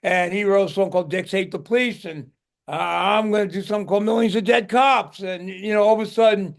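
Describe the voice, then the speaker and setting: High-voiced older man telling rambling stories. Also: fairly even intonation, fairly quick, vocal fry. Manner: rambling, repeats and restarts words. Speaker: guest musician. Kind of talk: casual interview storytelling.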